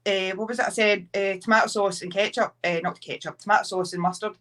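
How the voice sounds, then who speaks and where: Young Scottish woman, wrestler guest, lively anecdotes acted out. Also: medium pitch, fast, few pauses. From Scotland. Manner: chatty storyteller, acts out quotes. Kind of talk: casual podcast chat.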